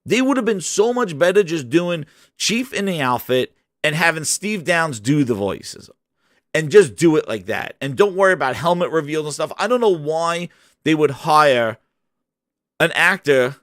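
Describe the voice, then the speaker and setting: A man's voice: a little high, a little slow, dry recording, studio quality. A man hosting a gaming channel, ranting in casual livestream commentary and chatting with his viewers. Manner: animated, ranting, chats with viewers.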